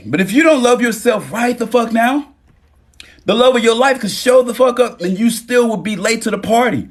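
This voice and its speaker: A man talks straight into his phone on a live stream, his pitch jumping high and loud for emphasis, then dropping to a low, quiet murmur. His delivery is casual and full of slang and swearing. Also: moderate pace. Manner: animated, swings between loud and low, profane slang.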